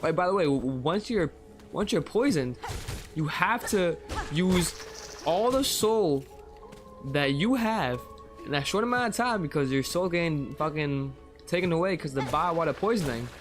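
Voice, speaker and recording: A young man streaming a video game, ranting and swearing in exasperation, swinging from low mutters to high yelps. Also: animated, normal speed. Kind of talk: live gameplay commentary. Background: game music.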